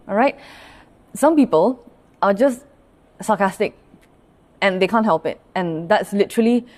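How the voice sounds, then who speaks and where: A woman's voice: mid-range voice, warm tone. Woman pastor giving a casual livestream talk. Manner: conversational, often checks in with "all right?"; greets online viewers by name mid-talk.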